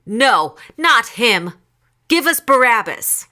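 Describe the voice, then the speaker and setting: A woman voicing an angry crowd, shouting its demands in a raised, high voice. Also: very animated, takes it slowly, exaggerated voice. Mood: furious.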